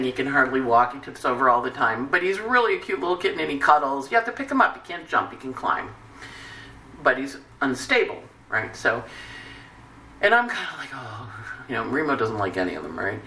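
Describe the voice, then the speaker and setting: A woman astrologer gives her weekly forecast in a casual, chatty way, drifting into animated stories and asides. Her voice is bright and forward. She sits a little away from the mic, in a room with a noticeable echo and faint ambient noise. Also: extremely low pitch, a little fast. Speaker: astrologer host. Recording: echoey room, distant mic.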